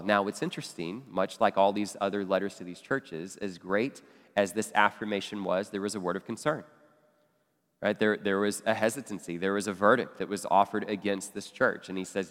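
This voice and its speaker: A man's voice: fairly low pitch, a bit bright. Man preaching in an echoing hall. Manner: conversational teaching with asides and questions. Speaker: pastor. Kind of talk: expository sermon. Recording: long hall reverb.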